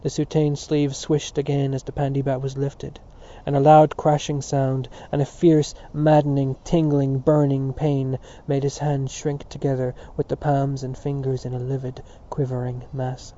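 Man reading a novel aloud, very dark mellow voice, flat delivery, muffled lo-fi sound. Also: mid-range voice, moderate pace, few pauses. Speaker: audiobook narrator. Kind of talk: literary audiobook narration.

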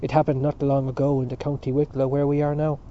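A man voicing a proud middle-aged man who speaks with slow scorn, on a dull recording with faint hiss. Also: mid-range voice, level tone, mellow, lightly acted. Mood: indignant.

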